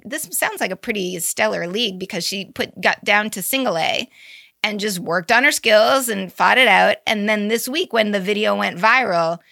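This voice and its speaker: A woman co-hosting a podcast, chatting casually about news with quick asides and easy laughs. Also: mid-range voice, vocal fry, sharp tone, no room sound, clean studio sound. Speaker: podcast co-host. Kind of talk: casual chat about girls' baseball news.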